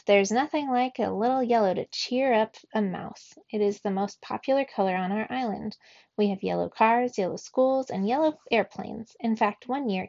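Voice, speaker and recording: A woman's voice: a little high, vocal fry. Woman reading a storybook aloud. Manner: slow, expressive reading. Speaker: teacher reading aloud to children. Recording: dull, dry recording.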